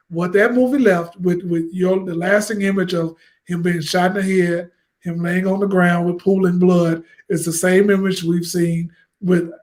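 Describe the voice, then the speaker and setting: A man co-hosts a casual film review chat. His voice is high for a man, and he speaks with passion, often restarting and repeating words as he works toward his point. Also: a little mellow. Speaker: co-host.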